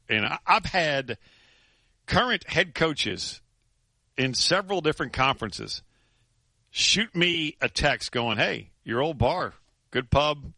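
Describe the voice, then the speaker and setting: Man, sports radio host, bright voice, dry studio sound, animated storyteller. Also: medium pitch, no echo. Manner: animated storytelling, laughing, many restarts. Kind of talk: casual sports radio chat.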